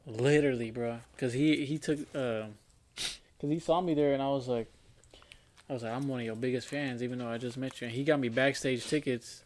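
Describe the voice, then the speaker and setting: Twenties guy on a podcast, mid pitch, super casual, swears a lot, says like and bro constantly, kinda rambly. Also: fairly even intonation, a little fast, a little hiss or hum. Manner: loose and profane, heavy on "like" and "bro"; rambling storyteller with many restarts. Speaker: podcast co-host. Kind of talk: casual chat among friends.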